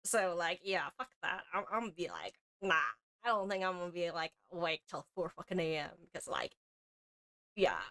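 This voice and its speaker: A woman's voice: fairly low pitch, fairly quick, fairly bright tone, no room sound. Drunk, profane woman streaming a game. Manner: profane, rambling, self-mocking. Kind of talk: casual game stream chat. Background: game music.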